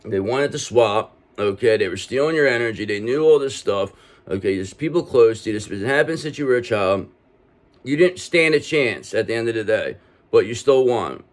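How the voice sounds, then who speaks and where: A man's voice: on the low side, a little fast. A man reading tarot cards and speaking straight to the viewer in a reassuring way, ending many points with "okay?". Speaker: tarot reader.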